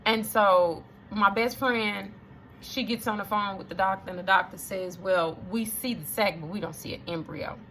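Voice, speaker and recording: A woman's voice: mid-range voice, moderate pace, a bit bright, slight background noise. A woman, telling a personal story to viewers in an emphatic, preachy way and repeating lines for emphasis. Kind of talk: casual testimony to camera.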